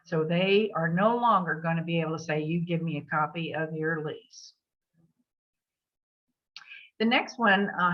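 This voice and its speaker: A woman giving a plainspoken legal update to real estate agents. She takes their questions, pausing with fillers and adding emphatic asides. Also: on the low side. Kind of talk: briefing with answers to questions. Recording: dull lo-fi meeting recording.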